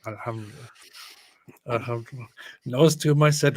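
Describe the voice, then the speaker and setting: A man's voice: medium pitch, fairly even intonation, a little fast, dry recording. A man co-hosting a casual livestream, joking and reading viewer comments aloud. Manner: joking, reads comments aloud, laughs often.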